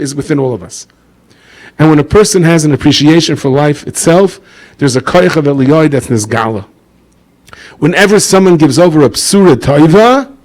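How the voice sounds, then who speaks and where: Animated rabbi telling stories. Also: male voice. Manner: animated storyteller, acts out characters with big pitch jumps, Yiddish-inflected English. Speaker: rabbi giving a Torah talk. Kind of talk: storytelling Torah lecture.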